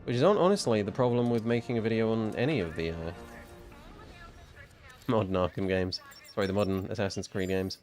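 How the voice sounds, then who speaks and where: A man's voice: on the low side, fairly quick, darkish tone, soft background music. A man giving laid-back, casual commentary while he streams a game and swears freely.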